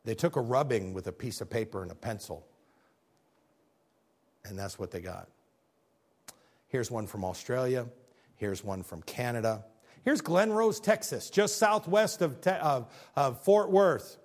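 A man giving an animated faith talk over slides, asking rhetorical questions and pressing his points with emphasis, now and then stumbling over his words. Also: mid-range voice, unhurried, pauses often. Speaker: speaker presenting slides.

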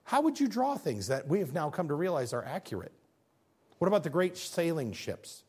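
Male speaker, emphatic faith talk with slides, very animated pitch, rhetorical questions. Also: moderate pace, breathy edge.

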